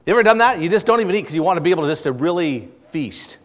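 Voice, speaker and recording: A man's voice: high voice, lively intonation, racing. A man preaching a sermon in a conversational way, asking the audience questions and acting out little dialogues. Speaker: pastor.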